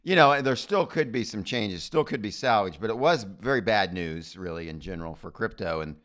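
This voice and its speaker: An American man co-hosting a casual podcast, musing through his opinions in a halting, thoughtful way. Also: fairly low pitch, animated, fairly bright tone. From United States. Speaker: podcast co-host. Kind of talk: casual chat.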